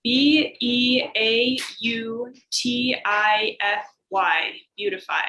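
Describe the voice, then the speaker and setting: Bright-voiced woman spelling slowly. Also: on the high side, echoey room, dull audio, a little hiss or hum. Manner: slow, careful spelling. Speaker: spelling bee contestant.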